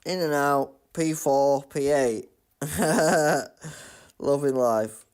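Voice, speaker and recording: A man streaming a racing game live, muttering commentary to himself and breaking into loud self-mocking outbursts. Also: mid-range voice, slow, clean tone. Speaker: gaming streamer.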